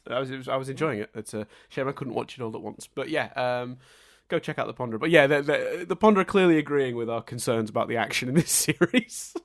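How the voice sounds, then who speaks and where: A man's voice: mid-range voice, fast, few pauses. A man co-hosting a casual podcast, chatting loosely with frequent restarts and teasing asides. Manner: chatty, self-interrupting, many ums and restarts. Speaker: podcast co-host.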